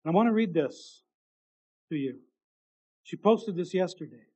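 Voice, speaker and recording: A man preaching a sermon, reading out a testimony, swinging between loud and hushed. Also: high voice, animated, normal speed, slightly rough, low-quality recording.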